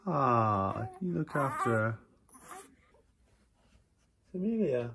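A woman filming at home, talking to her dogs in a soft, coaxing, affectionate way. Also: a bass voice, sing-song, takes it slowly, a crowd in the background. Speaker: dog owner and new mother filming at home. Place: family home.

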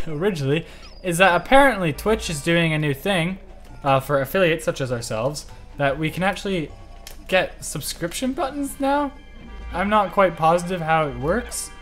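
An excitable, jokey man hosting a livestream and giving casual commentary while he plays a game. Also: a little high. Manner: excitable and jokey, quick to yell. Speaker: livestream host.

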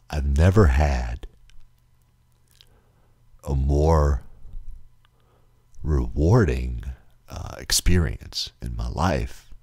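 A man with a very deep, husky voice hosts a solo podcast. He rambles earnestly, trips over repeated words and sounds close to tears. The recording is dry and close to the mic. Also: darkish tone, no room sound. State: near tears. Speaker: podcast host.

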